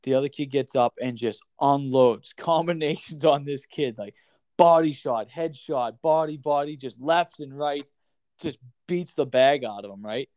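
Chatting casually on a podcast, a man spins a lively, wandering story packed with swearing and constant "like" and "dude." He talks at an unhurried pace in a medium pitch, with no echo.

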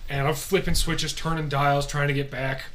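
A man's voice: on the high side, flat delivery, normal speed, fairly bright tone. A man telling a profane work story in a casual chat, laughing often. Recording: faint background noise.

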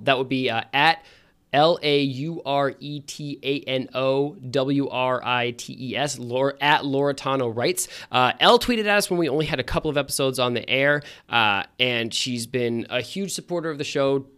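A man's voice: mid-range voice, moderate pace, fairly bright tone, dry recording, clean studio sound. A man hosting a tabletop game podcast, upbeat, jokey and self-deprecating as he chats and reads ads. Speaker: podcast host and game master. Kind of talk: casual podcast chat and ad reads.

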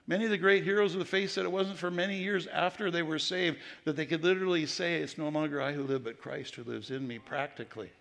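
A man's voice: a little high, fairly even intonation, fast, gravelly, few pauses, a bit bright. A middle-aged man preaching as a pastor, telling personal stories in a conversational way with frequent restarts. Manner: storytelling, conversational with repeated restarts. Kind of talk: sermon. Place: church sanctuary. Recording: reverberant church hall.

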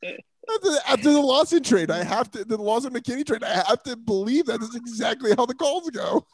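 A man's voice: extremely high pitch, lively intonation, fairly quick, slightly rough, dry recording. A man hosting a casual sports talk show, joking and laughing often.

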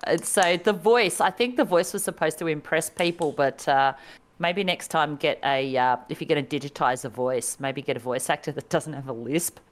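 A woman's voice: low-pitched, moderate pace, a little hiss or hum. A woman co-hosting a casual video game podcast, wry and chatty, laughing often. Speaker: podcast co-host. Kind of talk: casual chat.

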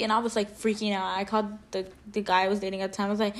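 A young woman co-hosting a podcast, casually telling a story full of "like" fillers and animated asides. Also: medium pitch, fast talker. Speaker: podcast co-host. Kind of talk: casual chat.

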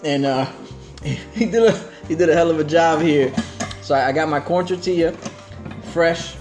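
Eating as he talks, this podcast host speaks with his mouth full in a relaxed, slangy casual chat heavy on fillers. His voice sits on the high side and is a little mellow, moving at normal speed over faint music.

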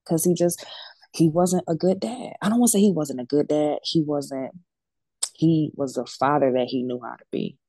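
A woman in her forties, a death doula guest, telling a personal story in a casual, animated and emphatic way. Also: low voice, moderate pace, no echo.

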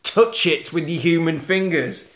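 A man's voice: fairly high pitch, measured pace, fairly bright tone. A man voicing a weary, blunt male police detective who talks matter-of-factly. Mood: insistent. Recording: echoey room.

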